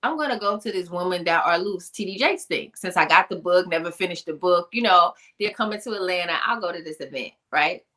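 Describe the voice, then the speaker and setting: A woman telling her personal testimony in an animated storytelling style, acting out voices and laughing often. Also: lowish voice, a little fast, few pauses. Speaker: guest, motivational speaker.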